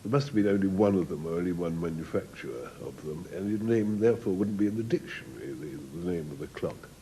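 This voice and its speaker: A man's voice: low-pitched, fast, mellow, slight background noise, poor audio. A man team captain on a panel game show, talking in a mock-wounded, teasing way.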